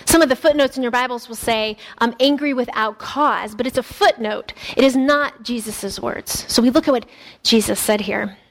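A woman's voice: fairly high pitch, moderate pace. A woman pastor preaching a sermon in an earnest, conversational way, often restarting her sentences.

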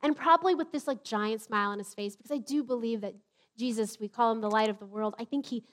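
Woman preacher, fairly high voice, casual emphatic sermon delivery, live church setting. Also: quick pace. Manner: conversational, emphatic, with jokey asides. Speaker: pastor. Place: church sanctuary.

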